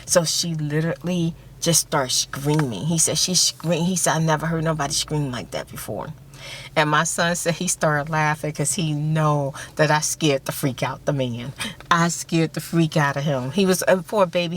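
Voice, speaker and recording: A middle-aged woman telling a long story in a soft-spoken ASMR style, rambling and repeating herself for emphasis. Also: low-pitched, normal speed. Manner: rambling and repetitive, emphatic retelling; drops to a whisper for quoted speech. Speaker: ASMR channel host.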